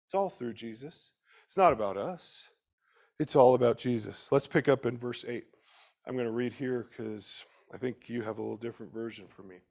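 A man preaching a sermon, swinging between loud emphatic bursts and quiet, slowed asides, and putting questions straight to his listeners. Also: mid-range voice, vocal fry. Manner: talks directly to the listeners with questions.

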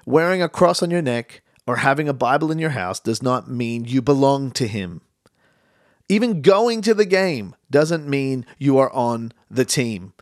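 A man's voice: mid-range voice, expressive, measured pace, dry recording, clean studio sound. A man preaching a sermon as a pastor, talking in a conversational way and repeating words when he stresses a point.

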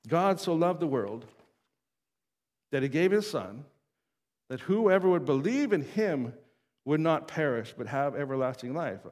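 A man with a fairly high voice preaches to his congregation, chatty and easygoing, chuckling as he acts out quoted voices. His words trail off into a long, reverberant hall. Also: big pitch swings, unhurried, long pauses, a little mellow. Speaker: pastor. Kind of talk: sermon.

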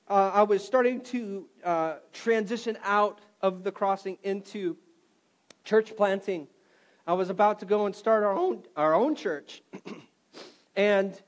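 A middle-aged man preaching from the pulpit in an animated storytelling manner. His voice sits high for a man, and he swings between loud, excited stretches and quiet, low ones. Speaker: pastor. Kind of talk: sermon.

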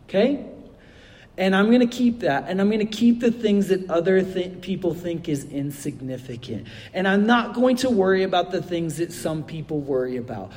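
A man's voice: high voice, lively intonation, normal speed, a little mellow, in a large hall. A middle-aged man, a pastor giving a sermon and telling a funny personal story with many fillers.

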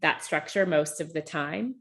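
Thoughtful, animated woman with a low voice. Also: unhurried. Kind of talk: reflective conversation.

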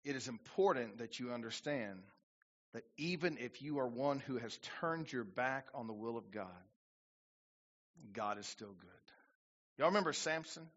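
A man's voice: mid-range voice, expressive, a little slow, fairly bright tone. A man preaching a sermon as pastor, building to emphatic bursts and acting out quoted prayers. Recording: dull lo-fi church recording.

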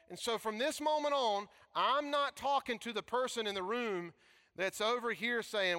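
A man preaching a sermon, emphatic, swinging from shouts to near whispers. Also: very high voice, moderate pace, clear, resonant tone, long reverb tail. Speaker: pastor.

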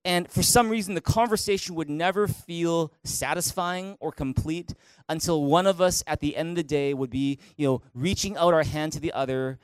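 A middle-aged male pastor preaching a sermon in a church, animated, acting out angry quotes with sudden loud outbursts. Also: on the high side, moderate pace, clean tone, no echo. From Canada. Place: church auditorium.

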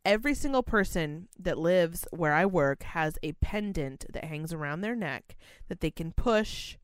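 A woman's voice: fairly low pitch, expressive, a little slow, clear, resonant tone, dry recording. A young woman who works in a care home, chatting casually in a blunt, sarcastic way and swearing freely. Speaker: care home worker, podcast co-host. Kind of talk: casual chat.

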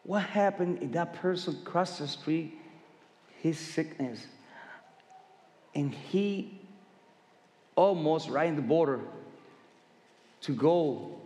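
A man preaching a sermon in broken English, emphatic and swinging from soft asides to loud exclamations. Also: a little high, slow, pauses often, long reverb tail. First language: Spanish.

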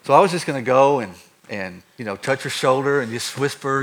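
Bright-voiced storytelling pastor. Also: male voice, medium pitch, brisk, a little hiss or hum. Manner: animated, acts out stories with shifting loudness. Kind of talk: sermon with personal storytelling.

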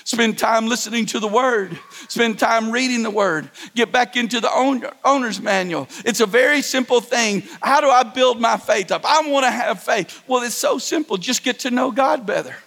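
A man's voice: extremely high pitch, normal speed, vocal fry, hardly any pauses, a bit bright, long reverb tail. A male pastor preaching a sermon to a church congregation, often restarting words and calling for responses. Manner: preaching with repeated stammered restarts and call-and-response.

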